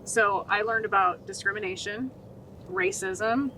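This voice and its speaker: A woman's voice: medium pitch, measured pace, slight background noise, poor audio. A woman in her forties from Utah, a podcast guest telling her life story and acting out the quoted voices. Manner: animated, acts out quoted voices. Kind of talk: storytelling interview.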